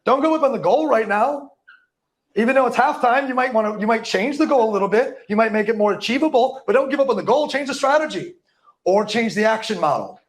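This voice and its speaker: A man's voice: very high voice, lively intonation, fast talker. A man giving a live motivational talk to an audience, hyped and profane, tripping over words now and then. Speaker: motivational speaker.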